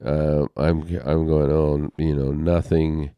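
An older man telling a personal story as an interview guest, halting and heartfelt, with pauses and restarts. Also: rumbling low, flat delivery, smooth, no room sound, lo-fi sound.

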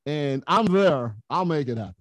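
A man telling casual stories as a podcast guest, his pitch sitting a touch high and swinging widely as he gets animated. The sound is dry and close, with no room echo. He laughs easily between lines. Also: moderate pace. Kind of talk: casual storytelling.

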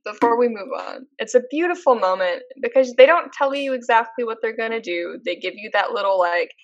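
A woman's voice: on the high side, lively intonation, brisk, no echo. A woman in casual chat, chiming in enthusiastically about an anime episode. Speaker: podcast co-host. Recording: dull lo-fi sound.

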